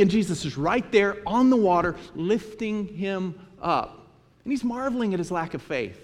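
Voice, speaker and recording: A man preaching a sermon, his voice sitting a little high. He tells scripture and childhood stories in an animated way. A long hall reverb trails his words. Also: normal speed. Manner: storytelling, animated retelling of scripture. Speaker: pastor.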